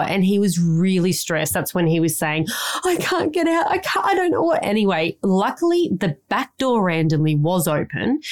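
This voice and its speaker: Australian woman, chatty podcast host, rambling storyteller, voice on the low side. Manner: rambling storytelling, swears casually. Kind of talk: casual chat.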